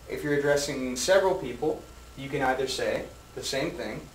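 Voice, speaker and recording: A male English teacher giving a recorded grammar lesson, speaking slowly and clearly and repeating example sentences. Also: mid-range voice, lively intonation, a little hiss or hum. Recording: roomy echo, mic at a distance.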